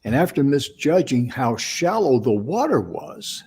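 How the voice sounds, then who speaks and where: A man's voice: medium pitch, sing-song, unhurried, a little mellow, husky. A man co-hosting a talk show, telling an inspirational story in a folksy, conversational way. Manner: folksy, affirming with frequent mm-hmms. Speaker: co-host.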